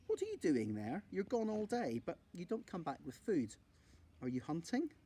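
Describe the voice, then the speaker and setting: A man's voice: high voice, wildly swooping pitch, normal speed, dark tone, a little hiss or hum, voice pushed up. A man doing a cautious, worried boy. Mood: questioning. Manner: anxious, questioning.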